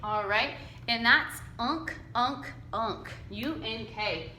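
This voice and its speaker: A woman teacher leads young children through a phonics lesson, sounding out each letter and chunk slowly so they can say it with her. Her voice is bright and a little high, and she talks at an unhurried pace. The recording has a roomy echo with a faint hum of ambience. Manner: slow, patient, sounds out letters and chunks for kids to repeat. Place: classroom with whiteboard.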